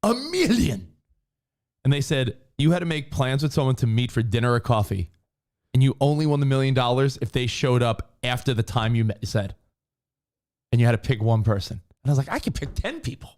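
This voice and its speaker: Guy on a talk show rambling a story, does goofy high voices for quotes, easygoing middle pitch. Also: steady tone, a little fast, a little mellow, clean tone. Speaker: radio show co-host. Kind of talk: casual banter.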